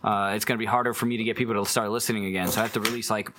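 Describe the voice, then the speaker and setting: A man hosting a casual podcast, talking in a relaxed way and swearing easily. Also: lowish voice, rapid-fire, slight background noise. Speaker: podcast host.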